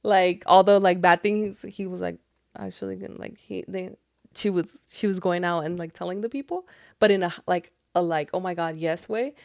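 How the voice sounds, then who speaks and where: A woman co-hosting a casual podcast, retelling a story in a rambling, animated way with lots of fillers and swearing. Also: on the low side, moderate pace, gravelly, no echo, clean studio sound. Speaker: podcast co-host. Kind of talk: casual chat.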